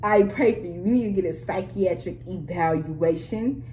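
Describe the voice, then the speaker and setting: A young woman vlogger retelling a story in a casual, animated and profane way. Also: fairly low pitch, normal speed, echoey room, rough recording. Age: young adult. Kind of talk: storytime vlog, casual chat.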